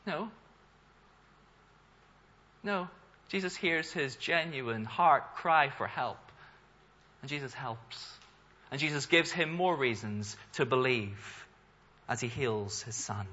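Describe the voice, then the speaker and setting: Earnest bright-toned male preacher. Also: medium pitch, lively intonation, moderate pace, lo-fi sound. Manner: earnest, rises in force for emphasis, asks rhetorical questions. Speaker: pastor. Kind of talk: sermon.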